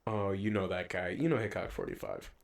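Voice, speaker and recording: A young man co-hosting a podcast, chatting casually and rambling with lots of swearing, getting animated when he quotes people. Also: low-pitched, a little fast, creaky, over a noisy crowd. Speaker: podcast co-host. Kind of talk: casual chat.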